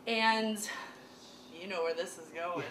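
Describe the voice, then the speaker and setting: A woman doing stand-up storytelling in a small comedy club, chatty and animated, full of "like" fillers. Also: lowish voice, takes it slowly. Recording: echoey club room with crowd noise.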